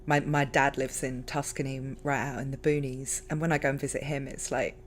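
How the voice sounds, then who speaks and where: A woman with a London accent, hosting a casual stream chat, talkative and quick to laugh. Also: very deep voice, little pitch movement, slight background noise. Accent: London English. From London, England. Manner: chatty, laughs often, many fillers. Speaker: streamer host.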